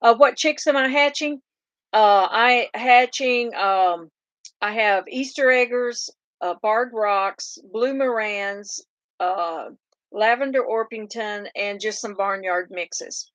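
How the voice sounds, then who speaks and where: Southern drawl lady, middle aged, rambly live chat bout her farm, slow and easy, dry close sound. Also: on the high side, a bit bright, no room sound. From Oklahoma. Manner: chatty and rambling, many fillers and restarts. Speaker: farm livestream host. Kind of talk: casual live chat reading viewer comments.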